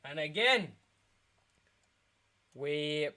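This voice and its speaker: A young man from England talks through a football match for his live stream, sounding crushed and letting out sighs. His voice sits a touch high and comes out smooth and clear. He talks slowly and drags his words. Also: animated, sharp tone. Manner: dejected, sighing, talking to chat. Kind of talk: live football watchalong reaction.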